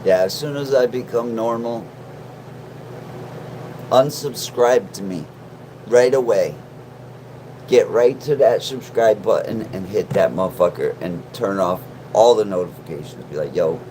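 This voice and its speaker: A man's voice: fairly low pitch, a little slow, noisy background. A man hosting a casual livestream from his mom's basement, joking and swearing as he chats with viewers. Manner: profane, joking, self-mocking. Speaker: livestream host.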